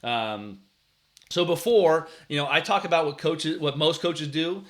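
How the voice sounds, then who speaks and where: A man hosting a casual advice talk for coaches and parents, telling stories earnestly, often restarting his sentences, and acting out the way he yelled at players. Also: on the high side, measured pace. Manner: earnest storytelling, frequent restarts, acts out yelling at players. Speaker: youth sports coach and show host.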